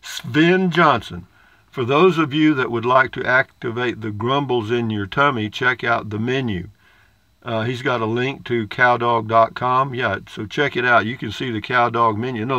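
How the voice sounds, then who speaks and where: A man's voice: mid-range voice, moderate pace, sharp tone, no echo. Folksy man reading comments. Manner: folksy, rambling, dry humor. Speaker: vlogger reading viewer comments. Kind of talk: casual comment-reading chat.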